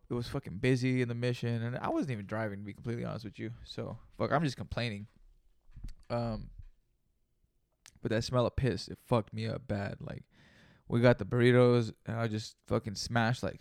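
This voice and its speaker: A young man hosts his own podcast in a loose, profane, rambling way, tossing in jokey repeated asides. His voice has a gravelly fry at mid pitch. The recording is dry and close to the mic. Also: darkish tone, no echo. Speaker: podcast host. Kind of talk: casual solo podcast monologue.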